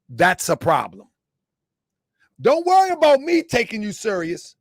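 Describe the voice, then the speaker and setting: A man's voice: high-pitched, huge pitch swings, measured pace, pauses often, dry recording, clean studio sound. A man giving a mocking commentary vlog, asking rhetorical questions and laughing often. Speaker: online commentator.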